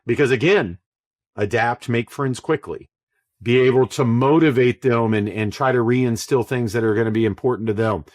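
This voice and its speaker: A man in his forties, relaxed and conversational, telling his career story as a podcast guest and acting out quoted lines. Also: medium pitch, normal speed, no room sound. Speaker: podcast guest, call center executive. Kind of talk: casual storytelling interview.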